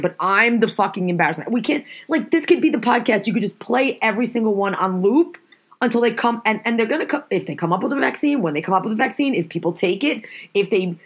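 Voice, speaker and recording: A woman's voice: medium pitch, lively intonation, fast. A woman hosting a podcast, ranting heatedly and swearing often. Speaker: podcast host. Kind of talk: casual podcast rant.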